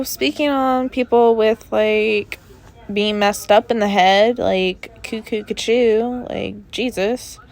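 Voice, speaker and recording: Chatty young woman, slow rambling podcast. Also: a little high, a little mellow. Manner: chatty, rambling with many fillers. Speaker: podcast host. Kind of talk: casual solo podcast chat. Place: bedroom at her parents' home.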